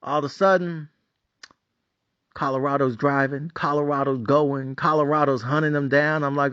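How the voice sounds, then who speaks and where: High-voiced, bright ranting man. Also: a little fast, no echo, highs cut off. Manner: profane, heated and animated. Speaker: sports betting vlogger. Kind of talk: ranting monologue.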